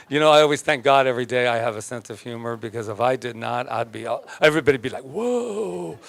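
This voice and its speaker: A man's voice: medium pitch, fairly even intonation, fast, fairly bright tone. A man preaching a sermon as minister, emphatic and joking, often laughing as he talks.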